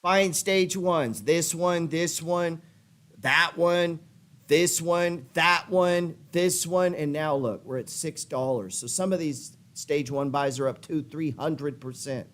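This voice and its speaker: A middle-aged man with a fairly high voice rants about trading, swearing and pushing hard. He talks at a desk mic by his computer. His voice climbs and gets louder as he works himself up. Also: slow. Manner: fired-up, swearing, pushy. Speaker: trading show host. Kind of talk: profane motivational rant.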